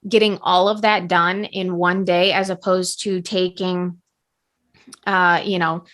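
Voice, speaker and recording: A woman's voice: on the low side, level tone, takes it slowly, a bit bright. A woman co-hosting a podcast, chatting casually and practically about everyday routines. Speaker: podcast co-host. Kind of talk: casual chat.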